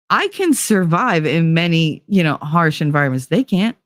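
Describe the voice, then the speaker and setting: A woman's voice: deep voice, lively intonation, normal speed, few pauses, dry recording, studio quality. A woman in her fifties hosting a live-stream, ranting bluntly and emphatically with frequent profanity while reading out viewer comments.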